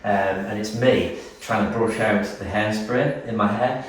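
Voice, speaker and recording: A man's voice: on the low side, steady tone, a little slow, crowd noise. A man with a Geordie accent, a band's singer and guitarist, chatting and telling stories with lots of ums and uhs. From Newcastle, England. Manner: rambling, many ums and uhs, laughs through stories. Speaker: band vocalist and guitarist, guest. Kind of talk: casual chat with anecdotes. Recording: roomy, distant mic, audible noise.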